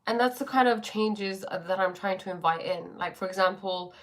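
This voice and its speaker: A woman's voice: mid-range voice, steady tone, moderate pace, hardly any pauses. A woman hosting a casual spiritual livestream from her bedroom. She speaks reflectively, with a sore throat, greeting viewers and using many fillers.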